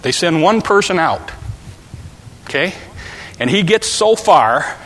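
A man preaching a sermon, telling a story with volunteers and shouting out the characters' calls. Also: fairly high pitch. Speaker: pastor. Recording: long hall reverb.

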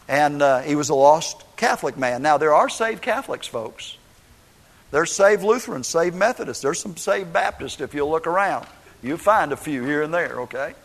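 A middle-aged man preaching a sermon, telling personal stories in an animated way and acting out the quotes. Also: a little high, moderate pace. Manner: animated storytelling, acts out quotes. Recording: long hall reverb.

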